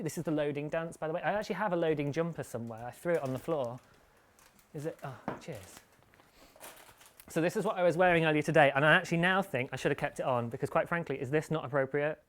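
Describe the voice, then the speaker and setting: A man's voice: a little high, fairly quick. A man hosting a live podcast stream, chatting casually in a rambling, playful way and laughing often. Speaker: podcast host.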